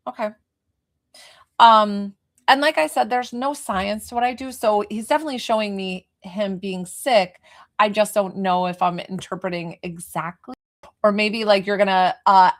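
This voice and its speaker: During a live spirit reading for a viewer, a female psychic medium talks a little slowly at medium pitch. She's halting and rambling, often starting over and leaning on fillers.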